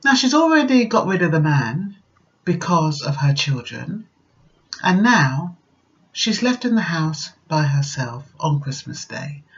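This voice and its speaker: A woman's voice: low-pitched, sing-song, unhurried. An older British woman vlogger who gives life advice in a direct, chatty monologue. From Britain. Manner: direct, chatty, acts out quoted voices. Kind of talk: casual storytelling monologue. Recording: dull lo-fi recording.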